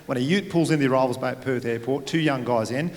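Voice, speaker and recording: On a theatre stage at a comedy gala, an Australian man does stand-up, telling stories fast in a mid-range voice with a laid-back manner and deadpan asides. A stage microphone picks him up in a live hall with long reverb, and the audience laughs in the background.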